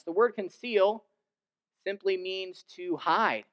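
Lively young male pastor preaching. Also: slow pace. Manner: animated, mimics others in quoted asides, rises in pitch and volume when emphatic. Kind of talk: sermon.

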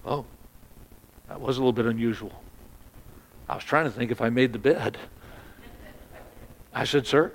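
A man's voice: medium pitch, fairly even intonation, moderate pace, long pauses, a little hiss or hum. Man preaching in a reverberant hall. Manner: stammering restarts, dropping to a hush at sad moments. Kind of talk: sermon storytelling.

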